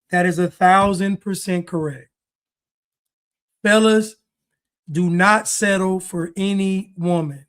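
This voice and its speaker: A man streaming casual reaction commentary on video clips, animated and repetitive, jumping up in pitch for emphasis.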